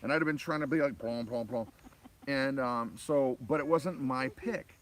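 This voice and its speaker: A man's voice: mid-range voice, normal speed, a bit bright. Playful man co-hosting a live stream. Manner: jokey, upbeat, playful. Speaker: livestream co-host. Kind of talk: casual livestream chat. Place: outdoors by a lake.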